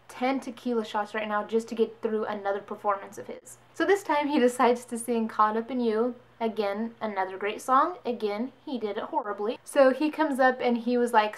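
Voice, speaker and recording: A young woman vlogger telling a story casually, switching voices to quote people. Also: a little high. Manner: chatty, animated quoting of others.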